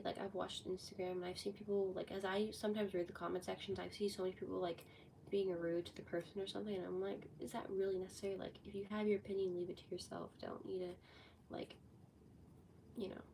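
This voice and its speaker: A sixteen-year-old girl chatting casually on a livestream, rambling with lots of "like", her voice a bit hoarse from a cold. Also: medium pitch, darkish tone, distant mic, a little hiss or hum, poor audio. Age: teens. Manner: rambling, heavy use of "like". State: sick with a cold, voice going hoarse. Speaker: livestreamer answering chat.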